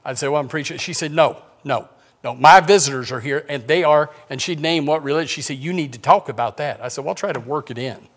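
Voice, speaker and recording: A male pastor, speaking in a somewhat higher voice than most men. He preaches in a loose, conversational way, stumbling over restarts and dropping joking asides. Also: fast. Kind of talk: sermon.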